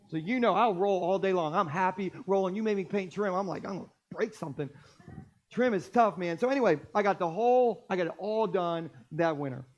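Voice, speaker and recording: Man, pastor, sermon, jokey storyteller, high voice, church. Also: lo-fi sound. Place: church stage.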